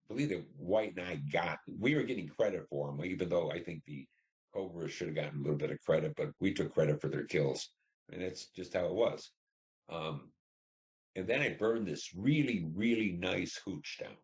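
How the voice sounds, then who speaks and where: Older male veteran in his 70s, deep low voice, oral history interview, plain storyteller who acts out the dialogue. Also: moderate pace, darkish tone. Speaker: Vietnam War veteran interviewee.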